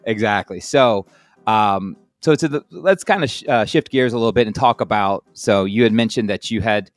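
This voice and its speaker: A man from the American South hosts the show in a very deep, low voice. He talks loosely, winding through his questions with fillers. Faint music plays underneath. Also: no room sound. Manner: relaxed, rambling questions with fillers. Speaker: podcast host. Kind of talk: casual interview chat.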